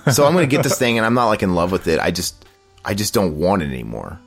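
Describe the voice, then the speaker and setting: A man's voice: deep voice, lively intonation, fast talker, creaky, faint music behind. Exasperated, profane man ranting. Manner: profane, exasperated storytelling, mocking quotes. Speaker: podcast host. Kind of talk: casual podcast rant.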